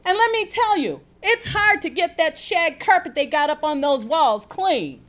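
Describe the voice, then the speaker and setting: A woman's voice: extremely high pitch, expressive, unhurried, a bit bright, pitched above the performer's own voice, full character voice. A woman voicing a wary, gossipy young housekeeper.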